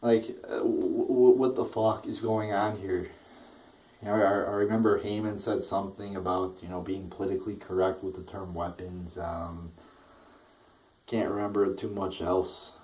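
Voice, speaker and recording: A man's voice: sits low, fairly even intonation, normal speed, dark tone, recorded from a distance, a little hiss or hum, low-quality recording. A young man ranting through a wrestling show review, exasperated, swearing constantly and repeating himself.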